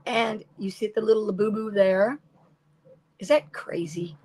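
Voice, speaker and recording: A woman's voice: mid-range voice, steady tone, normal speed, a little mellow, slight background noise, rough recording. An older woman chatting casually while crafting on a livestream at home, rambling and greeting viewers by name.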